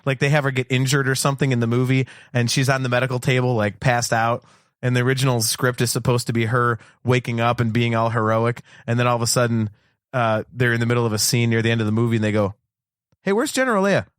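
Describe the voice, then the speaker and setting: A man's voice: medium pitch, monotone, fast, clean tone, dry recording, studio quality. A man co-hosting a casual fan podcast, laughing often and acting out lines in exaggerated voices. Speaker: podcast co-host. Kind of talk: casual chat.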